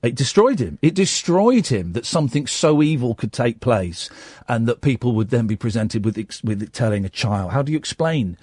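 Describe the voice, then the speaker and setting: A man hosting a radio show, telling stories in a casual, animated way, acting out people's lines and going soft and quiet when he is moved. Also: mid-range voice, normal speed, husky, dry recording, clean studio sound. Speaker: radio host. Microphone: studio microphone.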